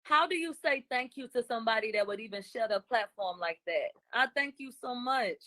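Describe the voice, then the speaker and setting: A woman's voice: on the high side, lively intonation, a little fast, pushed and bright, no echo. A woman, a guest commentator on a livestream, talking bluntly and combatively in casual chat.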